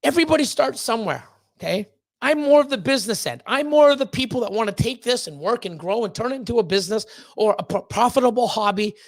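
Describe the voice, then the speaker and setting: Talking fast and animatedly in a mid-range voice, this channel host and reptile breeder addresses his livestream chat directly and casually. The tone is heated and blunt, laced with profanity and false starts, as he keeps pleading with strong emphasis.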